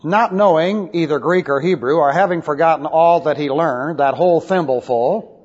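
Wry, emphatic preacher in an echoing hall. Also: male voice, on the high side, moderate pace, darkish tone. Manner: emphatic and wry, with scornful asides. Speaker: pastor. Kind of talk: expository Bible teaching. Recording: muffled old recording in a reverberant hall.

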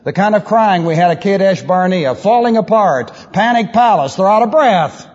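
A high-voiced man preaching with wide, swooping pitch and a slightly husky tone. He teaches from scripture with emphatic rhetorical questions. The recording is dull and lo-fi, with long reverb from a large hall. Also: animated, normal speed, a little mellow. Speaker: pastor. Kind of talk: expository Bible teaching.

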